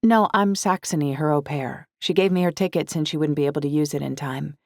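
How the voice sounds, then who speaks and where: A woman's voice: deep voice, a little fast, no echo, studio quality. A woman voicing a cheerful seventeen-year-old girl who talks in an eager, playful way.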